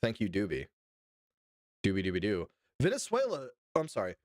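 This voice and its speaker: A man's voice: fairly low pitch, huge pitch swings, moderate pace, pauses often, dry recording, clean studio sound. A man hosting a livestream, reading news aloud and commenting in a sarcastic, profane way with bursts of mock outrage. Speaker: livestream host.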